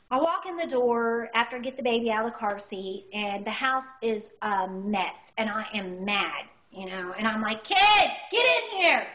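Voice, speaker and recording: A woman, doing an animated, exaggerated stand-up comedy routine. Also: mid-range voice. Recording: dull lo-fi recording.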